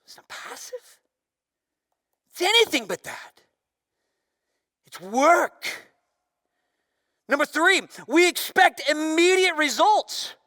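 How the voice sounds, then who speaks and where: A young man preaching a sermon with a bright, forceful tone. He shifts from loud, shouted bursts to soft, hushed passages. The recording is dry and close, with no room echo. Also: very high-pitched, takes it slowly, pauses often. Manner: animated, swings from shouting to hushed. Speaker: pastor.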